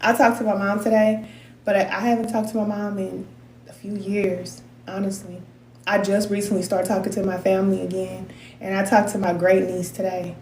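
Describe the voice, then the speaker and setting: A woman's voice: medium pitch, level tone, moderate pace, darkish tone, slight background noise. A middle-aged woman giving spiritual advice to her viewers in a candid, emotional, slangy way. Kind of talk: casual heartfelt talk to viewers. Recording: roomy echoey sound.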